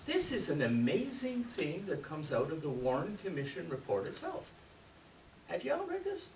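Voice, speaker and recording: A man's voice: fairly high pitch, wildly swooping pitch, moderate pace, a little hiss or hum. Emphatic man lecturing from far off. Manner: emphatic, rhetorical questions to the audience. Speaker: conference speaker. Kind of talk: lecture to an audience. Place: conference hall. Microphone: far camera. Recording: distant camera mic in an echoey room.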